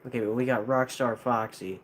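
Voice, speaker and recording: A man's voice: mid-range voice, fairly even intonation, brisk, a little hiss or hum. Rambling young American man streaming. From United States. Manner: rambling, hesitant, many restarts and fillers. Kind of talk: casual live-stream chat.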